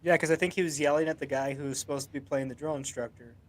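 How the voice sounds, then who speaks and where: A man's voice: a little high, fairly even intonation, rapid-fire. Laid-back man chatting on a podcast. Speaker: podcast co-host. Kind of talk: casual chat.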